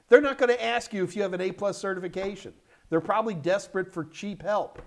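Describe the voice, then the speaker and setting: A middle-aged man from the United States hosting a live Q&A, giving energetic, emphatic career advice in short repeated commands while sounding a little tired. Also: high-pitched, quick pace, gravelly. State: yawny, tired. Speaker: host answering viewer questions.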